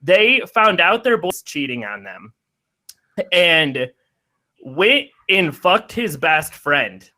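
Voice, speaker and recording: A man co-hosting a podcast, recounting a story in a rambling, halting way. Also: fairly high pitch, very animated, pushed and bright. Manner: rambling, halting, many restarts. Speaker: podcast co-host. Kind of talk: casual podcast chat.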